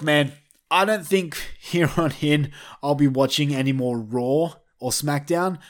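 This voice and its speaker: A man ranting bluntly and with heavy profanity as he gives his opinions in a vlog. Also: fairly high pitch. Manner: blunt, heavily profane, fired up. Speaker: wrestling commentator vlogger. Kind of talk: opinionated rant.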